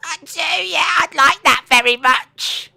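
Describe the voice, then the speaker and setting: A man voicing a meek male wrestler groom who talks in a high, polite, sheepish squeak. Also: takes it slowly, vocal fry, sharp tone, full character voice.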